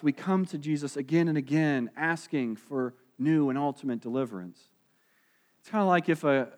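Male pastor, high voice, sermon delivery: animated storyteller who drops soft and slow for emphasis.

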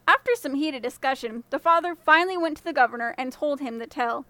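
A woman's voice: sits high, fast talker, few pauses, pushed and bright, dry recording. A woman narrating a fairy tale from a script, with playful joking asides. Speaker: storyteller.

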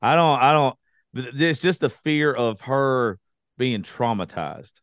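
A man's voice: medium pitch, expressive, slow pace, fairly bright tone. A man hosting a casual talk, blunt and swearing but supportive. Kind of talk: casual chat.

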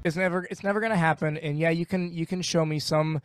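A man's voice: a little high, fairly even intonation, fast talker, a little hiss or hum. A man speaking as a guest on a podcast, ranting bluntly and with animation in casual conversation.

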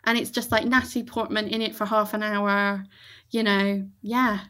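A woman's voice: mid-range voice, little pitch movement, moderate pace, a bit bright. A woman co-hosting a casual chat about a movie, talking freely, laughing often and trailing off mid-sentence. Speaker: podcast co-host.

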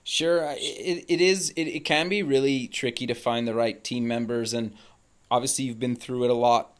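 A man hosts a casual podcast interview, often chiming in with agreement. His phrasing is loose and full of fillers. His voice is at a middle pitch for a man. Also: fairly even intonation, moderate pace. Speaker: podcast host.

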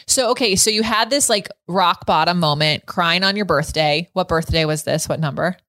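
A woman hosting a podcast, talking frankly and casually and laughing easily. Her voice sits a little low and sounds close and dry, with no room echo. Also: moderate pace, fairly bright tone. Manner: chatty, laughs often, frank. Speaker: podcast host. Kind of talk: casual interview chat.

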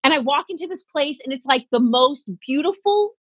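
A woman in her forties telling comic stories about aging, animated and self-deprecating, acting out little quotes. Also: high voice, brisk, dry recording, dull audio. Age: 40s. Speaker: comedian guest. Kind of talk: comedic storytelling in conversation.

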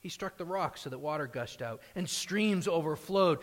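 A man's voice: medium pitch, moderate pace, few pauses. A man preaching a sermon in an earnest, emphatic way, reading scripture and often restarting his phrases. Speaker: pastor. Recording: long hall reverb.

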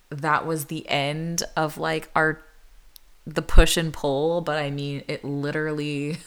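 Singer-songwriter, woman, 30s, deep voice, candid storyteller, loose and laughing. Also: fairly bright tone, clean tone. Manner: chatty and candid, full of "like" fillers, laughs often. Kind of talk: casual storytelling.

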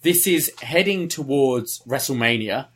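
A man's voice: medium pitch, animated, measured pace, fairly bright tone, slightly rough. A man co-hosting a podcast, chatting casually and recounting wrestling history. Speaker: podcast co-host. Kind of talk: casual chat.

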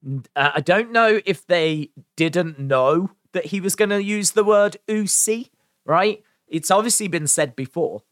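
A man giving a chatty, excitable recap and review of a wrestling show, full of fillers. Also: high voice, measured pace, no echo, clean studio sound. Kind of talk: casual spoken recap and review.

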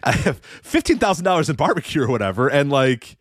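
A man co-hosting a wrestling podcast, talking casually in a quick, animated way. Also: on the high side, no room sound, clean studio sound. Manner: quick, animated, laughs easily. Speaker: podcast co-host.

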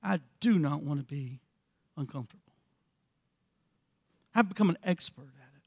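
A man in his fifties with a fairly high voice delivers an earnest church sermon. He asks the congregation rhetorical questions and often repeats words as he goes. The sound is dry and close, with almost no room echo. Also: lively intonation, normal speed, vocal fry, dark tone. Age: 50s. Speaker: pastor.

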